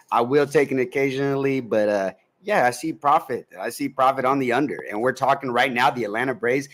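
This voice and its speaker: A man hosting a sports betting podcast, reading off stats in an emphatic, slangy breakdown. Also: fairly high pitch. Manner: stat-heavy, emphatic, slangy.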